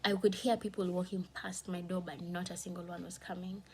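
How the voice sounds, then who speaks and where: A woman telling a painful personal story in a candid vlog, fighting back tears, her voice shifting from hushed to heated. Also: fairly low pitch, flat delivery, brisk, slight background noise. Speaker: vlogger.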